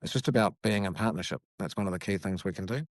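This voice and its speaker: A middle-aged man explaining child brain development in a lively, conversational way, acting out what parents say. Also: sits low, fast talker, dry recording. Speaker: neuroscience educator, guest.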